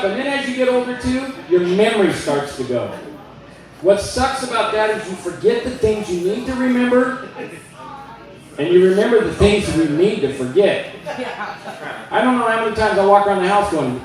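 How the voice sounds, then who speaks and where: A man doing a stand-up comedy set, telling stories in a deadpan way and acting out both sides of conversations. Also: high voice, a little fast. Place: club stage with audience. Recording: echoey room, from far off, audience.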